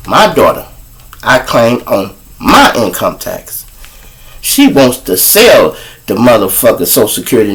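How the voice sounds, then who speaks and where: A man hosting a live show, telling crude, preachy comic stories. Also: medium pitch. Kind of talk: profane comic storytelling.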